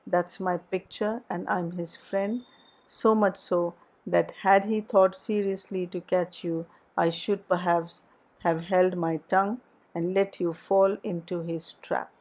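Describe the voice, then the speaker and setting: A woman's voice: on the low side, steady tone, takes it slowly, a little mellow. A woman reading aloud, voicing an imperious young lady who scolds in a raised, emphatic voice. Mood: scornful. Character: imperious young lady, scornful and sharp-tongued.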